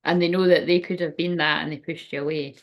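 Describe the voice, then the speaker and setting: A woman's voice: deep voice, fairly even intonation, fast, highs cut off. Chatty woman rambling through a card reading. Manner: rambling, thinking aloud, swears casually. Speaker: tarot card reader. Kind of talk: casual tarot reading monologue.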